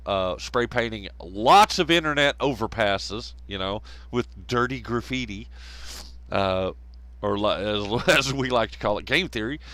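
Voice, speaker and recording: A man's voice: medium pitch, fairly bright tone, no room sound. A man hosting a casual live stream, rambling, laughing often and bantering with viewers in chat.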